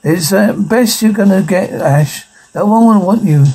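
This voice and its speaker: A man's voice: high-pitched, measured pace, dark tone, husky, exaggerated voice, rough recording. An actor playing the mocking evil double of a male hero, lewd and cruel, taunting in a TV horror-comedy.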